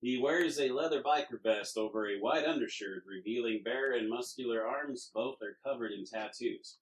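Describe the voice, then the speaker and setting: A man's voice: medium pitch, normal speed, poor audio. A man narrating as the game master of a tabletop role-playing podcast, describing scenes and characters in detail. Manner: descriptive narration with frequent uh fillers and restarts, laughs easily.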